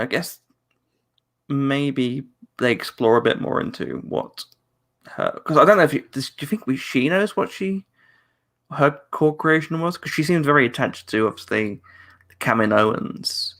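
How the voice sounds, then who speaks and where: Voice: mid-range voice, lively intonation, moderate pace, gravelly, fairly bright tone. A British podcast co-host in casual live chat, talking in rambling restarts and laughing often. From Britain.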